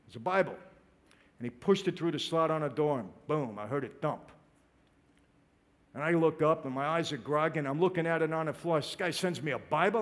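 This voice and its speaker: High-voiced man giving a fervent testimony. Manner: emotional, direct, addresses listeners as "people". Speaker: speaker giving a personal testimony. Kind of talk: impassioned religious testimony to an audience.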